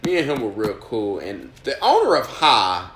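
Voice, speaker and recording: Blunt, profane male comedian, low voice. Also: huge pitch swings, normal speed, a bit bright, reverberant, slight background noise. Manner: profane, blunt, fired-up storyteller. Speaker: stand-up comedian, podcast guest. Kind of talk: casual storytelling chat.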